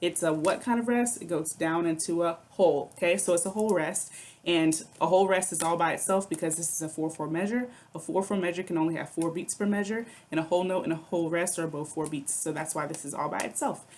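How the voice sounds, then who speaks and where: A woman with a lowish, slightly mellow voice talks fast while teaching a recorded online music lesson. She patiently explains rhythms, counting aloud and chanting rhythm syllables.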